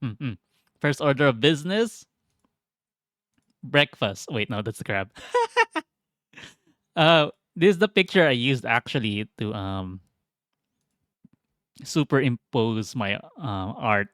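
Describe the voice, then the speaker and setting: Vlogger man, slow relaxed storytelling, dry close sound, quick to laugh. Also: medium pitch, dry recording. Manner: laughs often, swears, animated. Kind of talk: casual travel storytelling.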